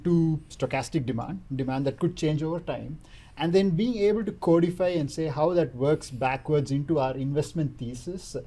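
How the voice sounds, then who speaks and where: An economist in a casual panel discussion, speaking quickly and fluently with plenty of technical terms. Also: male voice, fairly high pitch, dark tone.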